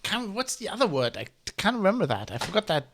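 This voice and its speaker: A man's voice: high voice, sing-song, fast talker, vocal fry, fairly bright tone, slight background noise. A man with a mother tongue, ranting in a casual vlog, rambling and heated, with many restarts and swearing. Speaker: vlogger. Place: Germany.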